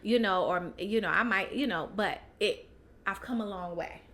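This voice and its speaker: Bright-voiced woman sharing her story. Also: medium pitch, normal speed. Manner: animated, laughs often, many restarts and fillers. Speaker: podcast guest. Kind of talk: candid personal chat.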